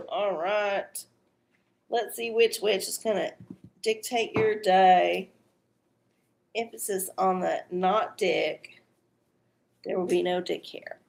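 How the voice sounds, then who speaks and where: A woman's voice: medium pitch, fairly even intonation, slow, gravelly, long pauses, a little mellow, slight background noise. A woman hosting a livestream where she reads oracle cards. She chats bluntly and swears freely, a little teary-eyed. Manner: blunt, profane and chatty. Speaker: livestream host doing tarot-style readings. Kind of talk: casual livestream chat.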